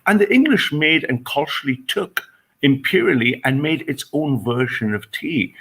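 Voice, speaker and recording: A man co-hosting a reaction commentary, talking in long, rambling runs. His voice is husky and swings widely in pitch. He punches his points and keeps checking in with a quick question. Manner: animated, emphatic, repeats "right?". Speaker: co-host of a reaction show.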